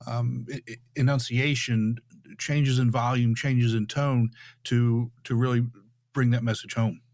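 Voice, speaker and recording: A man hosting a podcast interview about public speaking, talking in a relaxed, conversational way. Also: mid-range voice, a little slow, no room sound, clean studio sound. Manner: conversational, with frequent restarts.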